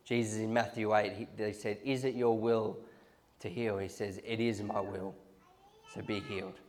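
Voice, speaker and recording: A man preaching a sermon, telling stories with animated restarts and repetitions. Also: on the low side, normal speed. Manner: storytelling, animated, restarts and repeats. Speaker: pastor.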